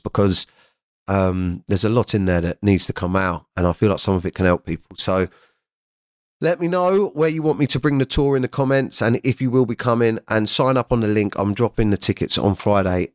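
A man's voice: fairly low pitch, no echo, studio quality. A man hosting an unscripted solo podcast from home, talking frankly and rambling, swearing freely. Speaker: podcast host.

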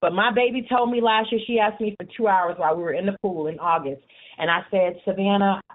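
A woman in her forties, heard over a thin, phone-like line, talks about her support group in a relaxed, chatty interview. She tells her stories with animation and peppers them with "you know". Her voice sits at an ordinary middle pitch. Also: brisk. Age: 40s. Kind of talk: casual interview.

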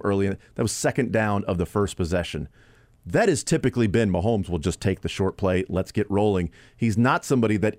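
A man's voice: fairly low pitch, darkish tone, dry recording. A man hosting a sports talk radio show, analyzing a football game conversationally with frequent fillers. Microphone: studio broadcast mic.

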